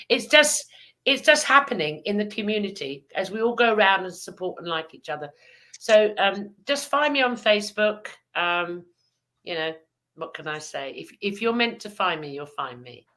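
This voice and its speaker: A woman's voice: medium pitch, expressive, moderate pace, sharp tone. A woman guesting on an online conference by video call, chatting playfully with many hesitant "um"s. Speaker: podcast host guest. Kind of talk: casual online conference chat. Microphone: video call mic.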